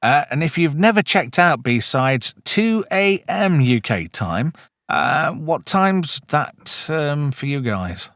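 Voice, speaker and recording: A man hosting a casual podcast, relaxed and chatty as he thanks guests and viewers. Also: a little high, takes it slowly, no echo, clean studio sound. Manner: relaxed, chatty sign-off patter. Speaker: host.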